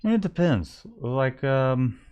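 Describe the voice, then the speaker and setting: A man's voice: mid-range voice, very animated, unhurried, darkish tone, smooth, lo-fi sound. A young man co-hosting a casual live stream about his print shop, often stumbling and repeating words as he starts a thought. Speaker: co-host of a live business show.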